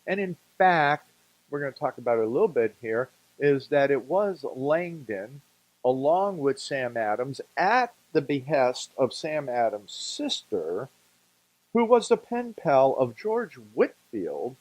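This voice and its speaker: A man's voice: mid-range voice, big pitch swings, a little slow, no echo, poor audio. A man hosting a program, talking casually about colonial history in a rambling, folksy way, with jokey asides and restated words for emphasis.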